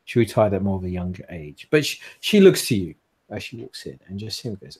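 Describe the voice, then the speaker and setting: A man's voice: sits low, sing-song, fairly quick, darkish tone, breathy edge. A man running a tabletop role-playing game as game master, narrating in a casual, rambling way.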